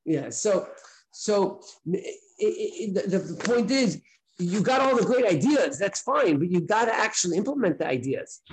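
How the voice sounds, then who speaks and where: Talkative rabbi with a fairly high voice. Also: male voice, big pitch swings, unhurried, poor audio. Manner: conversational, repeats points, asks rhetorical questions. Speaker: rabbi teaching a daily class. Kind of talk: casual spoken Torah lesson.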